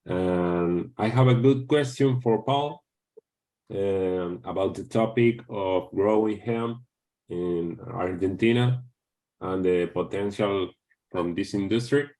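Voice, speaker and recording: A man calling in to ask a question, speaking politely and haltingly. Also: low-pitched, a little mellow. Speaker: caller with a question. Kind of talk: asking a question on a video call.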